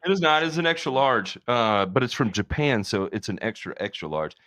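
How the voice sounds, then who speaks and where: A man's voice: mid-range voice, animated, brisk, a bit bright. A man hosting a charity livestream, talking casually in a candid, profane, self-deprecating way. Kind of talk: casual chat.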